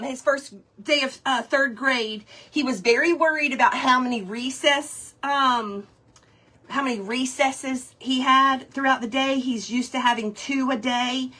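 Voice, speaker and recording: A woman's voice: high-pitched, pushed and bright. A woman, hosting a craft livestream, chatting casually while she paints and greeting viewers by name.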